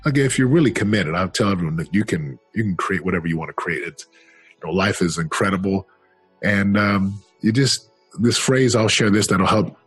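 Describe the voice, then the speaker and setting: A middle-aged man telling his life story in an interview, earnest and emphatic, slowing down on key phrases. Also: lowish voice, breathy edge. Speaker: interview guest, former football player and speaker.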